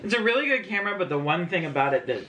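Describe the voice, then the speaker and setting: A woman's voice: fairly low pitch, sing-song, rapid-fire, a crowd in the background. A woman hosting a casual snack-tasting vlog, reading out the labels with enthusiasm. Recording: echoey room with faint noise.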